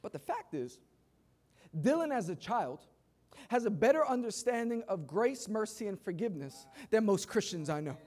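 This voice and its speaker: High-voiced man preaching a sermon. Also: sing-song, normal speed, a little mellow. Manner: emphatic preaching with humorous storytelling. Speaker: pastor. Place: church service before a congregation.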